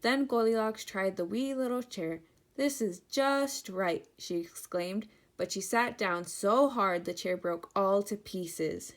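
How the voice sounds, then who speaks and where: A woman teacher giving an interactive children's read-aloud, speaking directly and warmly to the kids. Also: mid-range voice, unhurried, few pauses.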